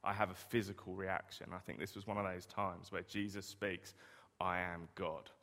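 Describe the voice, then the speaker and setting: A man's voice: low-pitched, little pitch movement, brisk, gravelly, fairly bright tone. A man preaching a sermon in a conversational way, often asking the listeners rhetorical questions. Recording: long reverb of a hall.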